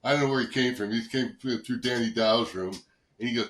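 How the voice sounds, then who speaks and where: In an echoey room with slight background noise, a former football player in his sixties guests on a podcast interview. He speaks fairly quickly in a mid-range, fairly even voice, telling long rambling stories, cursing and mimicking what others said.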